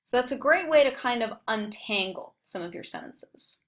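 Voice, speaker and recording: A woman leading a recorded online writing workshop, explaining patiently and clearly with frequent fillers. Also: fairly high pitch, lively intonation, moderate pace, fairly bright tone. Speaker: writing center instructor.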